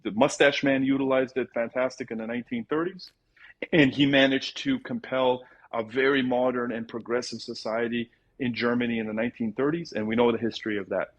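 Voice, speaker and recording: A man's voice: medium pitch, steady tone, fairly quick, muffled recording. A man calling into a debate show, ranting at length and swearing about politics. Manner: long-winded ranting, swears. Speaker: caller. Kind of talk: call-in debate.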